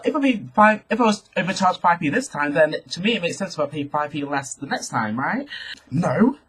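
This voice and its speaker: A young man telling a sassy, animated storytime rant to camera, calling his viewers girl. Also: sits high, husky, poor audio. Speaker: vlogger.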